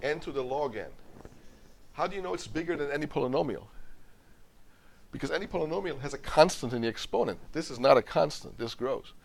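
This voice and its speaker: A man's voice: a little high, lively intonation, brisk, vocal fry. Middle-aged male professor, emphatic lecturer who questions his students and stumbles over repeated words. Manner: emphatic, repeats and restarts words, quizzes the class. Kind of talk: university lecture. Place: lecture hall.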